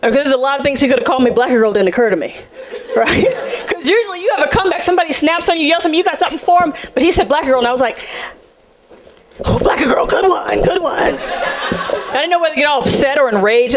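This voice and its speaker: A woman from South Central Los Angeles works a stand-up set on a club stage, sassy and animated as she acts out the people in her stories. Her voice sits high. Loud crowd laughter rolls in behind her. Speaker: stand-up comedian. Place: comedy club stage with audience. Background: audience laughing.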